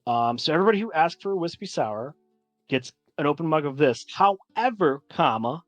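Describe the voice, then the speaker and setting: A man's voice: a little high, expressive, no room sound, soft background music. Man narrating as a tabletop game master. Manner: descriptive, measured narration with pauses to think.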